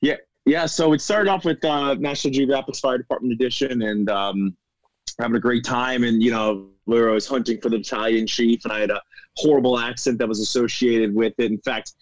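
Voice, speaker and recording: A man's voice: mid-range voice, steady tone, a little fast, dry recording, highs cut off. A man from Florida who is a firefighter and comedian, telling stories as a podcast guest with frequent laughter. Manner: laughing, storytelling. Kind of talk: casual interview chat.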